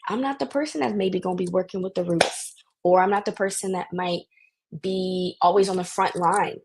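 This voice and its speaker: A woman talking as a podcast guest in animated, casual conversation, often restarting her sentences. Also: lowish voice, moderate pace, background noise.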